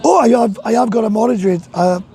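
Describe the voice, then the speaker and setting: A man's voice: high voice, fast talker, gravelly, dark tone, slight background noise. A Welsh man chatting on a casual live stream from a bar, rambling and swearing, laughing often. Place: bar in a hot tourist town.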